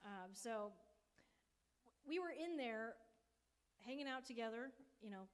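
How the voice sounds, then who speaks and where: Young adult woman, conference speaker; slightly high, laughs easily, casual and wry. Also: lively intonation, measured pace. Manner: light, joking, laughs as she talks. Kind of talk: personal testimony talk.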